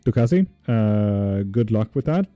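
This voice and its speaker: A man reading tarot live and answering viewers' chat questions, relaxed and casual, with the odd swear word. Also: on the low side, a little slow, dry recording, lo-fi sound, faint music behind. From not Swedish.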